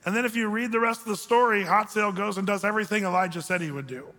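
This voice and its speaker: A male pastor teaching through scripture in a relaxed, conversational way that he spices with dry jokes. His voice sits high and sounds bright and forceful. It rings out with a long reverb from a large hall. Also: fast talker. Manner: conversational, joking asides. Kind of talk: sermon, verse-by-verse teaching.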